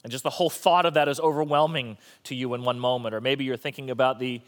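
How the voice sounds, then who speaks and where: A man's voice: medium pitch, steady tone, fast. A male pastor preaching a sermon in a conversational style with joking asides.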